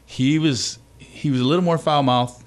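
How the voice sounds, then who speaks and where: A man's voice: a little high, fairly even intonation, moderate pace. A man from Maui telling stories as a guest in a casual talk show chat. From Maui, Hawaii. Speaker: actor guest.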